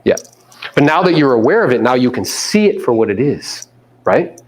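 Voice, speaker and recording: A man's voice: mid-range voice, sing-song, moderate pace, a little mellow. A man giving a live motivational seminar to a room of agents, quizzing the audience and mimicking people in playful voices. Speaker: real estate coach speaking to agents.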